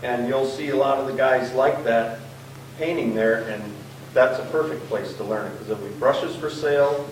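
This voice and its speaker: A chatty man from Minnesota, a sign painter, answers questions at a college forum. His medium-pitched voice rings around a very echoey hall, picked up from a distance with some faint background noise. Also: normal speed. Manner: chatty, laughs through his stories. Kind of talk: rambling storytelling and advice. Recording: echoey hall, mic from afar.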